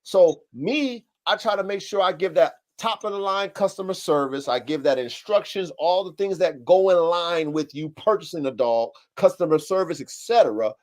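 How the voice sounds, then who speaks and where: High-voiced slangy podcast host man. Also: moderate pace, hardly any pauses. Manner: animated, slangy and profane, acts out quoted customers. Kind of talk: casual podcast chat. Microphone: live-stream call setup.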